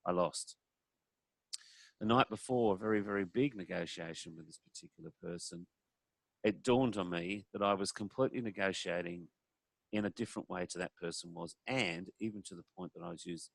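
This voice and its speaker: A man's voice: sits low, creaky, fairly bright tone, no echo. A man giving a conversational talk on communication, acting out sample phone calls to show his points. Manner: conversational, demonstrates voices while explaining. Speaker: speaker on communication. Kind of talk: presentation talk.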